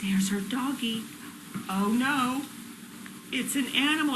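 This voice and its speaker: A woman's voice: fairly high pitch, slow. A mother reading a picture book aloud to her toddler in a sing-song voice, making animal noises as she goes. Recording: loud home background noise.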